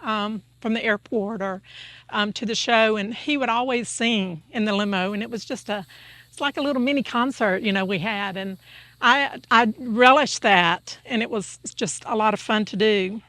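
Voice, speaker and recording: A woman's voice: mid-range voice, moderate pace, a bit bright, no room sound. A woman, a longtime family friend, telling fond, light-hearted stories in a chatty way. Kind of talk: casual storytelling.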